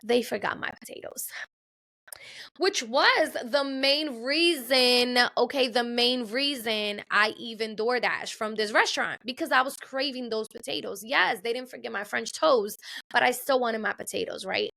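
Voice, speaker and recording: A woman's voice: fairly high pitch, unhurried, vocal fry, sharp tone. A woman hosting a podcast, telling a personal story in a chatty, casual way and repeating phrases for emphasis. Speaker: podcast host. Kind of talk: casual solo podcast monologue.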